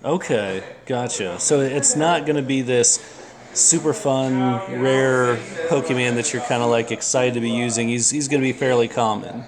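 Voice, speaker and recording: A man's voice: mid-range voice, moderate pace. Chatty man hosting, crowd noise behind. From Texas. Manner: relaxed, chatty, frequent fillers and restarts. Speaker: podcast host. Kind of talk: casual chat.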